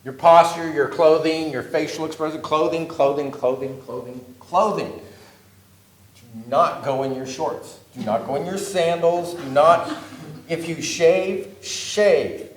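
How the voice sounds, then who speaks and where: A man's voice: on the high side, a little slow. A man giving a workshop talk on job interviews to a live audience, speaking conversationally and often checking in with "okay?". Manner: conversational, repetitive, lots of "okay?" check-ins. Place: meeting room with an audience. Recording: echoey meeting room.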